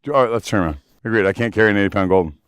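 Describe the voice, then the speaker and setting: A man's voice: lowish voice, rapid-fire, clear, resonant tone, no echo. A middle-aged man, slightly out of breath, chatting in a boisterous, joking, profane way while snowshoeing along a snowy outdoor trail. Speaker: podcast host and company boss. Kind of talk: casual chat while hiking.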